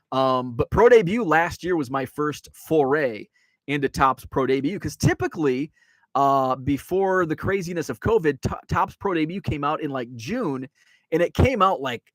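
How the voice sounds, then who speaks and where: A man hosting a casual card-collecting livestream, talking in a slightly higher voice than most men. He rambles along, restarting his sentences and leaning on fillers, and his voice sits dry and close with no room echo. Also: a bit bright. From Illinois. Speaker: sports card collector and channel host. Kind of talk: casual livestream chat, reading viewer comments.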